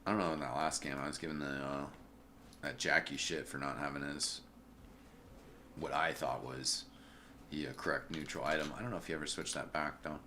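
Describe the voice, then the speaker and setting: A deep-voiced man casts a video game match from his home streaming setup, speaking in a loose, chatty way full of fillers and shout-outs to chat. His tone is bright and forward despite the low pitch, and soft keyboard clicks sit faintly behind him. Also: brisk, a little hiss or hum. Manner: relaxed, chatty, filler-heavy, greets chat viewers. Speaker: esports caster and streamer. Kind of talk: casual solo game commentary.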